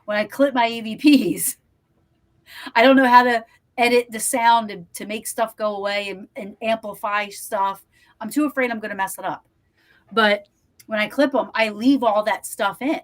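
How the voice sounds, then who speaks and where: Animated woman paranormal investigator. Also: fairly high pitch, moderate pace. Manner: animated storyteller, acting out quotes. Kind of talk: casual podcast chat.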